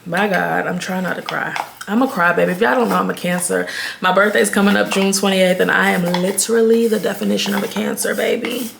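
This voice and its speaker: A woman's voice: medium pitch, fairly even intonation, a little fast, vocal fry, background noise. A woman, chatting candidly to her viewers in a get-ready-with-me vlog. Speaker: beauty vlogger.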